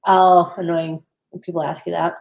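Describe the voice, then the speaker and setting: A woman's voice: lowish voice, little pitch movement, moderate pace, vocal fry, darkish tone. A woman co-hosting a recovery livestream, reading viewer comments aloud and chatting, laughing easily. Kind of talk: casual live chat.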